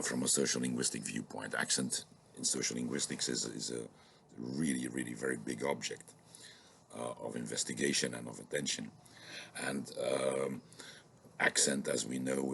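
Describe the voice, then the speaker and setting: A man's voice: a bass voice, gravelly, fairly bright tone, slight background noise. A middle-aged man lecturing informally on sociolinguistics, thoughtful and hesitant, with many fillers and restarts.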